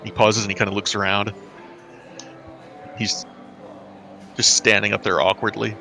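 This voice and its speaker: Bright-voiced man running a tabletop game. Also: fairly low pitch, normal speed, soft background music. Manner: relaxed narration with many fillers. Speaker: dungeon master.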